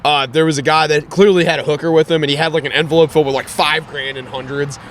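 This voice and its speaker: A man's voice: fairly high pitch, fairly even intonation, quick pace, a little hiss or hum. A young man co-hosting a podcast, rambling in casual chat with many restarts and curse words. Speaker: podcast co-host.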